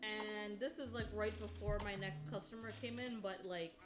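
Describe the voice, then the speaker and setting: A woman's voice: medium pitch, steady tone. A woman co-hosting a stream, retelling events in an exasperated, casual way full of "like". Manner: exasperated, quick retelling with many "like"s. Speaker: co-host of a stream. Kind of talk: casual storytelling chat. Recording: music playing clearly behind.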